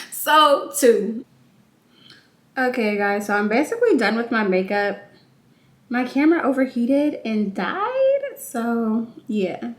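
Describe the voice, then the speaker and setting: Young woman vlogger, chatty and loose, slightly raised pitch, recorded in a reverberant home room. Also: fairly bright tone. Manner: chatty, informal, says "like" and "y'all" constantly. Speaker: vlogger, new mother. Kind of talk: casual chat while doing makeup.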